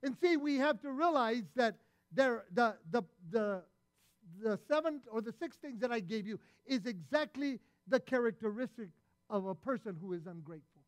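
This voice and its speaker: A man preaching a sermon as pastor, retelling a parable and acting out its voices with animated delivery. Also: extremely high pitch, moderate pace, no echo.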